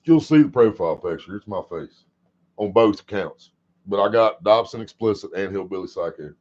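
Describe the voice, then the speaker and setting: A man's voice: lowish voice, animated, normal speed, a little mellow. A man hosting a livestream in a casual, rambling chat. He swears a lot and laughs often. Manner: sing-song repetition. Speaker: livestream host. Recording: dull lo-fi stream audio.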